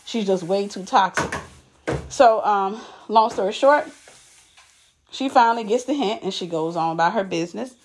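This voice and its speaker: A woman's voice: mid-range voice, normal speed, background noise. A woman telling a personal story straight to the camera in a casual, emphatic way, often restarting and repeating words. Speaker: vlogger.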